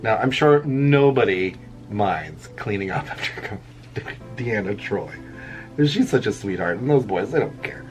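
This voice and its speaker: A man's voice: lowish voice, animated, normal speed. A middle-aged man chatting casually while drawing, rambling through a story and chuckling often at his own jokes. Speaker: vlogger. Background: faint background music.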